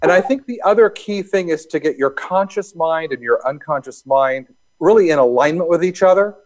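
A man interviewed as a hypnosis and NLP coach, explaining his work in a calm, easygoing way. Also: a little high, moderate pace. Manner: calm, explanatory, laughs easily. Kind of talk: casual interview talk.

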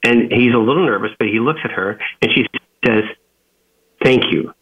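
A man's voice: medium pitch, brisk, fairly bright tone. A man who is an author and businessman, telling a story as an interview guest, with many fillers and restarts. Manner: rambling, frequent fillers and restarts. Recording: tinny phone-line audio.

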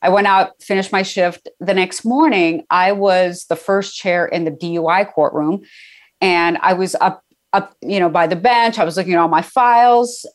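A middle-aged woman speaks as an interview guest, her voice sitting a little low. She tells her story casually, with fillers, restarts and easy laughter. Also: normal speed. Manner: chatty, laughs often, many fillers.

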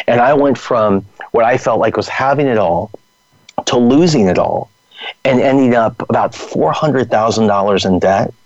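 A man telling a personal business story as an interview guest, animated and anecdotal, acting out quoted dialogue. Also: mid-range voice, no room sound, muffled recording. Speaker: guest entrepreneur and speaker.

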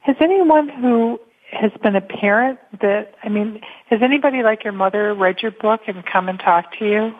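Woman host asking stuff straight out, phone-line sound, middle pitch. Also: normal speed. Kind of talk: interview questions.

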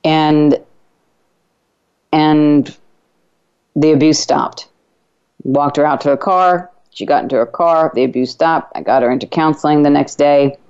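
Low-voiced woman hosting talk radio. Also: darkish tone, clean tone. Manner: earnest, reflective, with halting restarts. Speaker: radio show host. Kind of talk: personal story on a talk radio show. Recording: slightly dull lo-fi radio audio.

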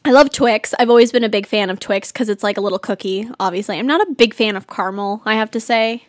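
A woman's voice: mid-range voice, fast talker, dry recording, studio quality. A teenage girl from California hosting a casual solo chat show, bubbly and rambling with lots of giggles and "like". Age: teens. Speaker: host.

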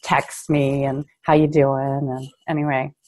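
A middle-aged woman from Canada with a low voice. She tells her story as an interview guest, earnestly, with plenty of ums and likes. Now and then she gets choked up. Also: little pitch movement, unhurried, darkish tone. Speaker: guest, car dealership owner.

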